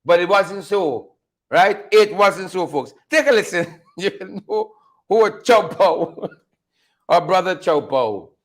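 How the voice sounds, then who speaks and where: Laughing, high-voiced man mocking. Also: expressive, slow. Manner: mocking, laughs often, repeats phrases for effect. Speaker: show host. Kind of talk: unscripted political commentary.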